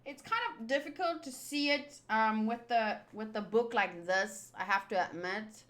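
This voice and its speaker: Chatty woman with a bright voice. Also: on the high side, measured pace. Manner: rambling, chatty, many fillers. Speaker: YouTuber reading a comic aloud. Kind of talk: casual readthrough commentary.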